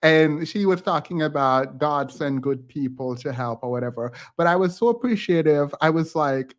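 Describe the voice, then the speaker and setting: A man's voice: on the high side, moderate pace. A man hosting a live stream from home, tired but chatty, telling a rambling story with frequent laughs. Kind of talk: casual storytelling chat.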